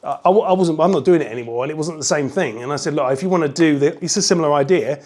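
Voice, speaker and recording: A comedian chatting loosely and playfully in an interview. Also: male voice, fairly high pitch, rapid-fire. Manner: loose, joking, rambling, playful. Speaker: comedian guest. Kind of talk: casual interview chat.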